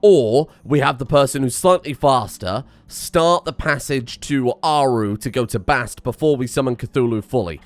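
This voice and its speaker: A man giving excitable, self-mocking commentary while playing a game, thinking aloud and swearing. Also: mid-range voice, normal speed, few pauses, no room sound. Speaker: gaming streamer. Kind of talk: casual gameplay commentary.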